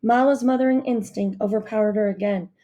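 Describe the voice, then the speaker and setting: A woman reading a novel aloud as narrator in a steady storytelling manner. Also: medium pitch, brisk, lo-fi sound. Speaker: audiobook narrator. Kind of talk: scripted narration.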